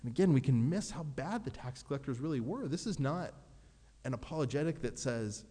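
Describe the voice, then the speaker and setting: A man preaching a sermon as pastor, earnest and expressive, acting out prayers in his own voice. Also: medium pitch, a little fast, breathy edge, big-room sound.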